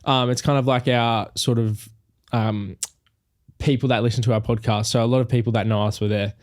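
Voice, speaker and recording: A man's voice: mid-range voice, steady tone, a little fast. A young man, co-hosting a podcast and telling stories in a laid-back, rambling way. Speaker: podcast co-host. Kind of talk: casual chat.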